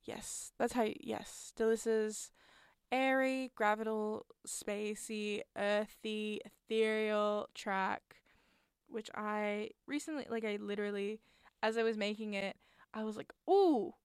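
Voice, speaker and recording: A young woman hosts a radio show from a studio, speaking slowly and unhurriedly in a smooth, clear, fairly high voice. She rambles chattily between tracks, trailing off and restarting her thoughts. The sound is close and dry. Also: little pitch movement, dry recording. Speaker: radio host. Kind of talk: casual radio presenting.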